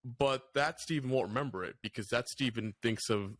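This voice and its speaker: A man in casual podcast chat, thinking out loud and restarting sentences as he analyzes. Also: mid-range voice, moderate pace, dry recording, studio quality. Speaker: podcast co-host.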